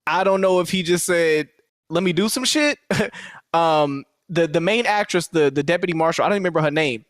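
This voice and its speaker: A man's voice: on the high side, a little fast, dry recording, clean studio sound. A man co-hosting a movie podcast, ranting casually and acting out quotes in voices. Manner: animated, profane, acts out quotes in voices. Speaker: podcast co-host. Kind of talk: casual movie review chat.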